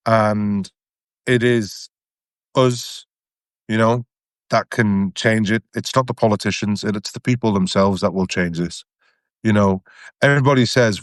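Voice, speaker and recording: A man's voice: lowish voice, moderate pace, no room sound, clean studio sound. A man guest speaking earnestly and emphatically in an interview, building his points through repetition. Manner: earnest and emphatic, repeating phrases. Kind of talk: interview testimony.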